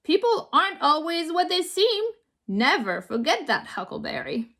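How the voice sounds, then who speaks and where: A woman voicing a kind, gruff, big male guide in a storybook, gentle and encouraging. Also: extremely high pitch, big pitch swings, normal speed, voice pushed up, full character voice. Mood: wise.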